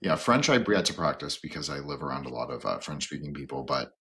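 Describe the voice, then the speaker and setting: A man hosting a podcast interview, speaking in a halting, hesitant way with many fillers and restarts. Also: rumbling low, lively intonation, fairly bright tone, breathy edge. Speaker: podcast host. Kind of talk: casual interview.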